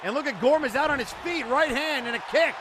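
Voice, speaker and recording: A man calling a wrestling match play by play, often breaking into excited shouts. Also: very high-pitched, fairly quick. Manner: excitable, shouting during big moments. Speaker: wrestling commentator. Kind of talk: play-by-play commentary. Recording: crowd and loud background noise.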